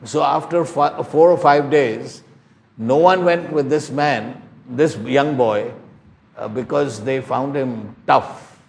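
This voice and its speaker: Older man, sermon, gravelly, pleading storyteller, faint background hum. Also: mid-range voice, takes it slowly. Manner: pleading, emphatic preaching with storytelling. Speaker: preacher.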